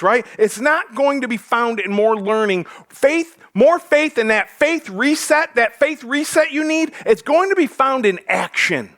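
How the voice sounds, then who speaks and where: A man's voice: high voice, sing-song, unhurried, a bit bright. A male pastor preaching a sermon to his church, joking with the congregation as he goes. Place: church sanctuary.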